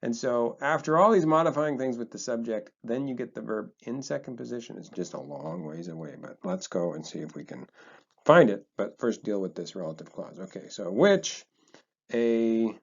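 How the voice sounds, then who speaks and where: A man teaching a text lesson, chatty and relaxed, thinking aloud as he explains. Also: mid-range voice, normal speed, creaky, dull audio.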